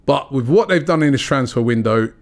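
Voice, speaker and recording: A fired-up man on a football podcast, pressing his point hard and checking in with "right?" as he goes. His voice sits at an ordinary middle pitch. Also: lively intonation, brisk. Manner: passionate, emphatic, repeats "right?". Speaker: podcast co-host. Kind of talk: heated football chat.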